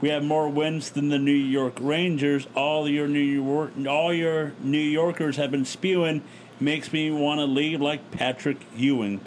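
A man co-hosting a casual podcast, recapping a show in quick, joking bursts. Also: fairly high pitch, steady tone, slight background noise. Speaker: podcast co-host recapping wrestling. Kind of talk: casual chat.

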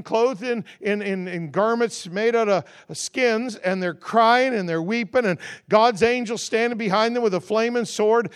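High-voiced preacher with lively, building cadence. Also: male voice, smooth. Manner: rhythmic call-and-response contrasts, rising to loud emphasis then dropping low; conversational and humorous in asides. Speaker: guest preacher. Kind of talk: sermon.

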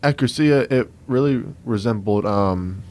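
A man's voice: medium pitch, normal speed, a little mellow. A young man with a Cajun accent from South Louisiana, answering interview questions in an easygoing way with many fillers. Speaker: guest. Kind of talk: conversational interview.

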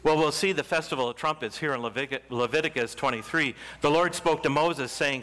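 A male pastor preaching a sermon, reading scripture slowly with deliberate pauses into a church microphone. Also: mid-range voice, fairly bright tone.

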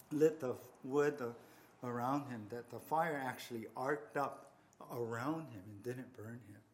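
A man preaching a sermon, earnest and repetitive, swelling on key phrases and trailing softly at the ends, with stammered restarts. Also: medium pitch. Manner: frequent restarts and stammered repeats. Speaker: pastor.

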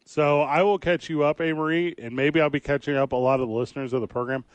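A man's voice: fairly high pitch, steady tone, fast talker, no room sound, highs cut off. Man, sports talk co-host, jokey rambling banter, dry studio sound. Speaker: radio show co-host.

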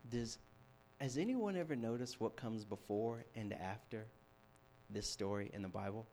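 A young man preaching a sermon, telling a story with animated shifts from hushed to loud. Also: fairly low pitch, normal speed, a little hiss or hum. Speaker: campus ministry preacher.

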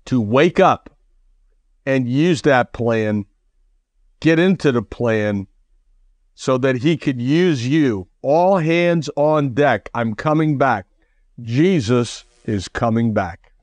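A man preaching a radio sermon, emphatic, with rhetorical questions and the odd cough or throat clearing. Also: mid-range voice, no echo. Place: radio broadcast.

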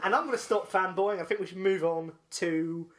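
A man co-hosting a podcast, telling a long story in casual chat, excitable and full of restarts and laughs. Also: sits high, brisk. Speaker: podcast co-host.

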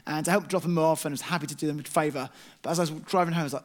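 A man's voice: fairly high pitch, steady tone, rapid-fire. A young man preaching a sermon in earnest, telling self-deprecating stories with animation.

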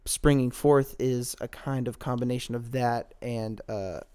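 A man's voice: medium pitch, steady tone, unhurried, mellow, clean tone. A man co-hosting a comedy podcast, rambling and filler-heavy in casual chat.

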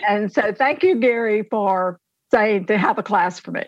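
A woman's voice: medium pitch, normal speed, no echo, dull audio. A woman guest on a podcast, gushing with praise in casual conversation.

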